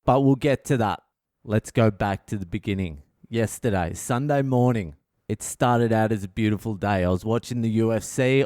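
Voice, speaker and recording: A man tells a story on his podcast in a relaxed, profanity-laden way. His voice is smooth and even, recorded close and dry, and his chest is sore. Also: medium pitch, no echo. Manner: profane, laid-back storytelling. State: sore chest, short of breath. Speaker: comedian podcast host. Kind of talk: casual storytelling monologue. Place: hospital.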